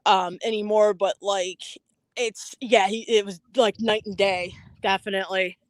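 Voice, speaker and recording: A woman's voice: medium pitch, steady tone, a little slow, no echo. A woman guest in a casual conversation, telling stories in a chatty way, laughing often and using lots of fillers.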